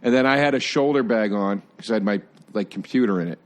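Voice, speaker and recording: A man, a guest on a podcast, telling excitable, laughing stories in casual chat. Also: fast talker. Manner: excitable, laughing storyteller with lively swings in pitch.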